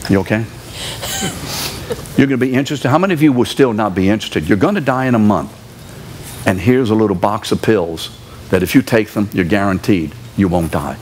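Man, pastor, sermon, low voice, animated, faint room ambience. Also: brisk, long pauses, a little hiss or hum. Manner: animated preaching, acts out quoted voices and shouts. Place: church sanctuary.

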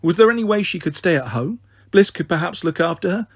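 A man narrating a children's novel in a steady, measured first-person reading. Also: sits high, husky, dry recording, studio quality. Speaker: storyteller. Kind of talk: audiobook narration.

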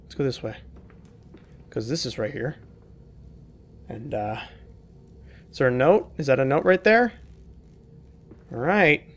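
A man's voice: mid-range voice, very animated, a little slow, pauses often. A young man doing let's-play commentary, casual and profane, sarcastically reading notes aloud.

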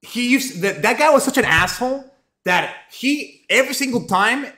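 A male streamer telling a rambling, profane story in a casual, animated way, full of fillers. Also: extremely high pitch, moderate pace, echoey room.

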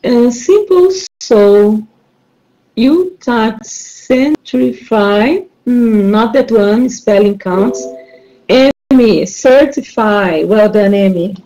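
A woman's voice: on the high side, extremely slow, dark tone, dull audio. A woman teaching English online, running a rhyming word game and patiently repeating clues and praising her students.

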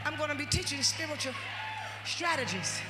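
A woman preacher delivering a fervent sermon to a congregation, swinging from low talk to shouted praise and calling on the church to answer her. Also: expressive, moderate pace. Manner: preaches in a call-and-response style to the congregation. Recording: echoey hall with loud music.

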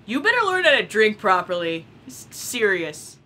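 A young woman casually commenting on a game she is playing, excitable and giggly, swearing often. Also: mid-range voice, moderate pace, a little hiss or hum. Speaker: gameplay commentator. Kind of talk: casual let's-play commentary.

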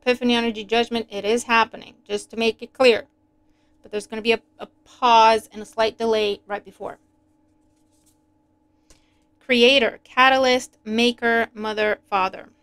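Woman, tarot reader, casual and animated, fairly high voice, laughs often. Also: normal speed, clear, resonant tone.

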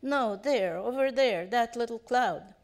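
A woman's voice: on the high side, measured pace. A woman voicing a wary, deferential male coachman while reading a story aloud.

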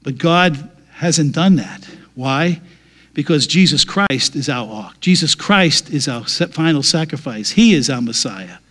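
High-voiced emphatic male pastor. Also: animated, a little slow, a bit bright. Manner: emphatic, repeats key phrases for stress. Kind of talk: sermon.

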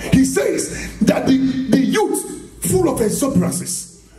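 Taking it slowly, a man with a very high, mellow and very animated voice preaches a charismatic sermon. He's recorded from afar in an echoey church hall, stressing and repeating phrases, asking the congregation questions and laughing often as he speaks.

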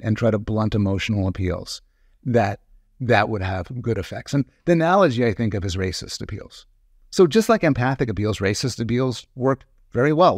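A man's voice: mid-range voice, darkish tone, no room sound, studio quality. A man, a psychologist guest in a podcast interview, arguing his points in a careful, reasoned way. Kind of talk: conversational interview.

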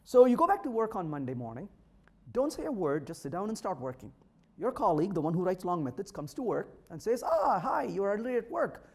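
A man's voice: high voice, sing-song, a little fast. A man giving a humorous technical talk at a meetup, polling the audience and trading wry jokes with them. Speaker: conference speaker. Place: meetup room.

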